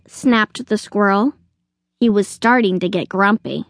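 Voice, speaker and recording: A woman narrating a children's audiobook in an expressive storytelling manner. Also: mid-range voice, measured pace, no room sound, studio quality.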